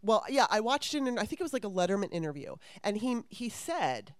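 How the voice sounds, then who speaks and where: A woman in her fifties tells a story on her podcast in loose, casual chat. She swears freely and rambles through restarts in a smooth, clear voice at a middle pitch. The sound is dry and close, with no room around it. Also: very animated, brisk, no room sound. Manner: candid, profane, rambling with restarts. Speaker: podcast host.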